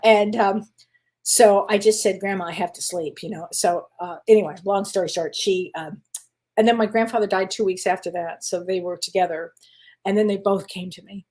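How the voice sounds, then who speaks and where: A woman's voice: medium pitch, fairly even intonation, moderate pace, darkish tone. A middle-aged woman hosting a live psychic Q&A, talking in a chatty, reassuring way with fillers, restarts and frequent laughs. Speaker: psychic host answering viewer questions. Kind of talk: live-stream Q&A chat.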